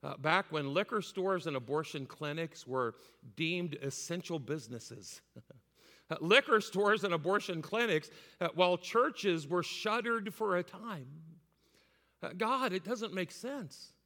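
A man's voice: high voice, expressive, measured pace, sharp tone. A man preaching a sermon as pastor, impassioned and repetitive, with frequent "uh" fillers, in a church. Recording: long hall reverb.

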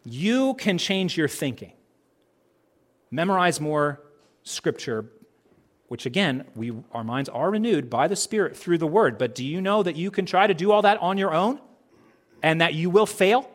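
Brief: male pastor, slightly higher pitch, chatty sermon delivery, rhetorical questions, acts out dialogue. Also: lively intonation, unhurried. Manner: conversational, acts out quoted dialogue; uses many rhetorical questions.

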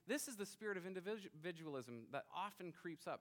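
A man in his thirties preaching a sermon as pastor, emphatic, rising to loud bursts and dropping quiet. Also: on the high side, expressive, fast talker, hardly any pauses.

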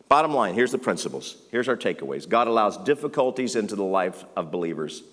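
A man's voice: mid-range voice, fairly bright tone. A middle-aged man preaching a sermon as pastor, conversational, emphatic and self-deprecating. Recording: long reverb of a large hall.

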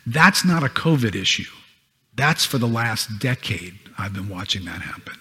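Husky-voiced male pastor preaching emphatically. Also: on the low side, lively intonation, normal speed, in a large hall. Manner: emphatic preaching, swings between loud stresses and quiet asides. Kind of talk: sermon.

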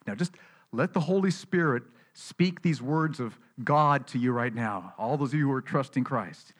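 A man's voice: mid-range voice, moderate pace. A man preaching a sermon as pastor, earnest and building to emphatic exhortation.

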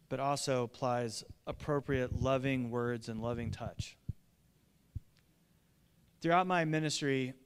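A middle-aged man, a pastor, preaching a sermon in an earnest, urgent way with lively asides. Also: mid-range voice, clear, resonant tone. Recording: long reverb of a large hall.

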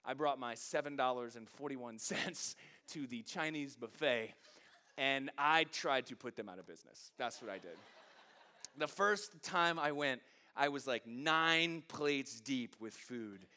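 A man's voice: medium pitch, a little slow, sharp tone. A middle-aged man pastor, delivering a sermon that moves from funny storytelling to fervent preaching.

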